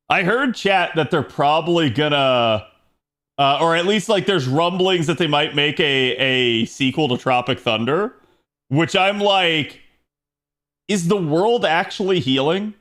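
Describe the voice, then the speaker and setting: A slightly high-pitched man streams a game, speaking slowly but animatedly in a fairly bright tone. He chats easily with his audience while playing and laughs a lot.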